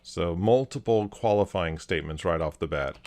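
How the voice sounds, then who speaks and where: A man hosting a video, calmly analyzing a clip and explaining each point step by step. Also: low-pitched, normal speed, slight background noise. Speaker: host, body language analyst.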